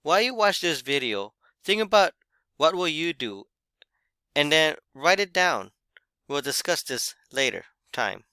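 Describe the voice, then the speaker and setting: A man giving a recorded class presentation, explaining in a measured way with occasional fillers. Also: on the high side, animated, bright, forceful tone, clear, resonant tone, no room sound.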